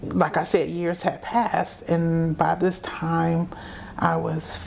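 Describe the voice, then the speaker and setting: Slow and flat, her lowish voice is creaky and a little mellow, with slight noise in the background. This middle-aged South Carolina woman appears as a guest, recounting her story in a conversational, vivid way and performing the voices from her memories.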